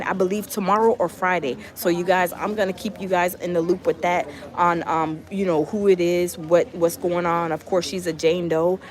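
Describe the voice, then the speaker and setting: A woman hosting a casual live stream, chatting and reading out viewer comments with lots of fillers and animated asides. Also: lowish voice. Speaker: livestream host.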